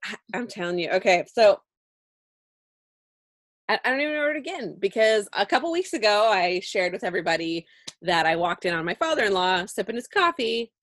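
A woman co-hosting a podcast, telling a story in a casual chat with lots of laughter and lively voice-acted quotes. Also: medium pitch, brisk, no echo, studio quality. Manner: animated storytelling with frequent laughter. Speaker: podcast co-host.

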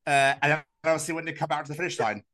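A man with a Scottish accent co-hosting a podcast, an animated storyteller who swears freely. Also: a little high, rapid-fire. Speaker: podcast co-host. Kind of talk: casual chat.

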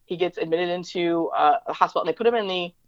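A woman talks fast and emphatically as an interview guest, slipping into the voices of people she quotes. Her voice sits somewhat low. The recording is dry and a bit dull and lo-fi. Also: dry recording. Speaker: interview guest, diversity educator. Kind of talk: conversational interview storytelling.

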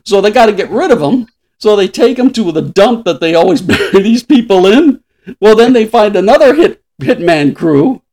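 A man in his sixties hosts a casual podcast, his voice sitting high for a man. He rambles through anecdotes with frequent chuckles, a chatty storyteller among friends. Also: animated, moderate pace, a little mellow. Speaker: podcast host. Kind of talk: casual chat.

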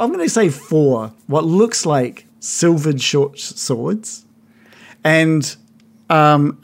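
A man narrating a tabletop game as game master, pausing often with ums as he describes the scene. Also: on the high side. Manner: halting, many ums, unhurried description.

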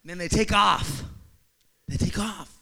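A man telling a humorous personal story to an audience, acting out the scenes and building up to shouts. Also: sits high, takes it slowly, gravelly. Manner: animated, acts out scenes, rising to shouts.

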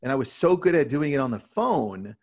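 Gravelly man telling a lively story. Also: medium pitch, fairly quick. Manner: energetic storyteller, many "right?" tags. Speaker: real estate team leader. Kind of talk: casual interview talk.

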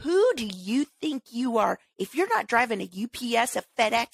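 A woman co-hosting a podcast, chatting casually and ranting in an exasperated, animated way. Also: on the high side, moderate pace, creaky, breathy edge. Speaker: podcast co-host. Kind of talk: casual chat.

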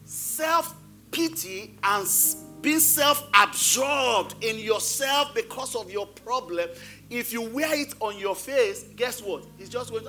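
High-voiced emphatic male pastor preaching. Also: expressive, takes it slowly, sharp tone, faint music behind. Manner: emphatic preaching, repeats key phrases. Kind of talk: sermon. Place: church.

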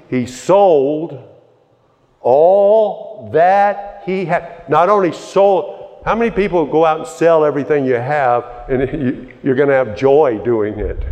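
Male preacher, slow delivery, conversational sermon rising to emphatic peaks, big reverberant hall. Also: a little high, a little mellow. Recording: long reverb of a large hall.

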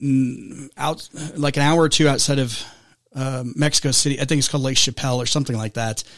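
A man's voice: mid-range voice, fairly even intonation, brisk, no room sound, clean studio sound. Rambling man in casual podcast chat. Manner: rambling, full of fillers and restarts. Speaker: podcast co-host.

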